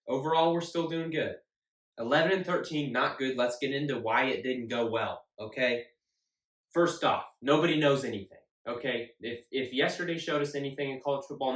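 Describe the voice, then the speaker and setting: A fairly high-voiced man hosts a casual sports talk show. He speaks with animated emphasis and repeats his points. He sounds a little away from the mic, with roomy echo. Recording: echoey room, mic at a distance.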